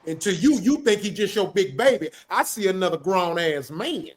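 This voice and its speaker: Male panelist, high pitch, emphatic and profane, fatherly tone. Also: animated, normal speed. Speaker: podcast panelist. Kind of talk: casual podcast chat.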